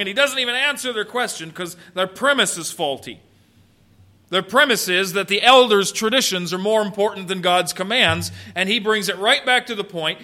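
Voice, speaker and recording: A man's voice: high voice, pushed and bright. A male pastor preaching a sermon emphatically, with many rhetorical questions.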